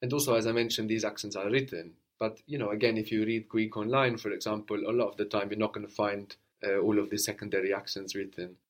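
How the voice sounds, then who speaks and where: Male language tutor, fairly low voice, patient and explanatory, models phrases for a student to repeat. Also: level tone, fast talker, hardly any pauses. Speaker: language teacher. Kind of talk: conversational language lesson.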